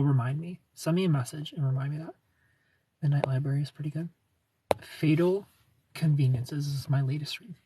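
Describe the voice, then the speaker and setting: A man's voice: on the high side, a little mellow, a little hiss or hum. A man in his thirties casually chatting on a livestream, answering viewer comments in a rambling way with restarts and light laughs. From outside the United States. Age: 30s. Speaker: livestream host.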